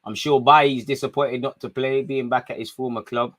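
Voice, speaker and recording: A young man, giving casual, excitable live commentary to viewers during a football watchalong stream, talking in slangy street speech. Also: mid-range voice, fairly quick.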